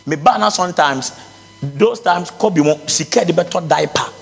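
A male pastor with a Ghanaian accent, preaching a sermon with impassioned shouts and sing-song phrasing. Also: fairly high pitch, normal speed, gravelly, slightly rough. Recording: reverberant hall with faint music.

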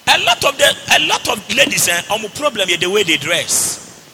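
A man with a Ghanaian accent preaching a fervent sermon in Twi and English, shouting declarations between playful asides. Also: high-pitched, sing-song, normal speed, big-room sound, music in the background.

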